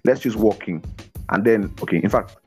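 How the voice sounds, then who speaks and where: Young adult man, guest voice on a video call, lowish pitch, eager and repetitive, faint music behind. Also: moderate pace. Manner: energetic, repeats words, laughs often. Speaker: guest on a business podcast. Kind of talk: casual interview talk.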